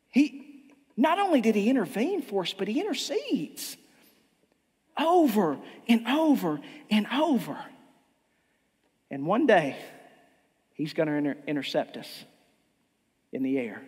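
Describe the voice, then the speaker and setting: Passionate male pastor, high, very animated delivery, husky edge, long church reverb. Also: a little slow, long pauses. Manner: impassioned, emphatic, repeats and restarts. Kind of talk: sermon.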